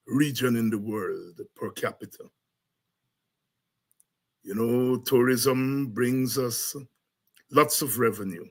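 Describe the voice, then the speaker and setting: A man hosting a talk show, exuberant and prone to loud shouts and scatting. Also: medium pitch, husky, rough recording. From Guyana. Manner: exuberant, breaks into shouts and scat. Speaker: show host and lecturer. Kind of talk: lively talk-show commentary.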